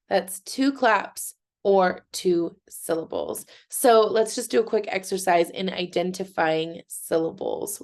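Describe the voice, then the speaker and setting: Slow-spoken woman teaching a lesson. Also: mid-range voice, a little mellow. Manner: slow, clear, encouraging teacher talk, clapping out syllables. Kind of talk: recorded lesson for children.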